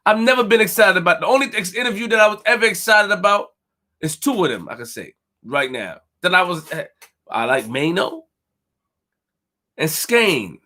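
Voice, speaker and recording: Expressive and sharp-toned, a young stream host with a high voice delivers a fired-up, boastful rant at normal speed, repeating phrases and fumbling his words.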